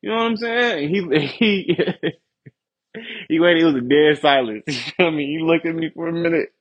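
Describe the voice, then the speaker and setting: Heard through dull audio, a young man with a slightly high voice speaks at a moderate pace as he hosts a podcast. His casual story rambles and swears freely, punctuated by frequent laughter and a recurring "you feel me" aimed at his listeners.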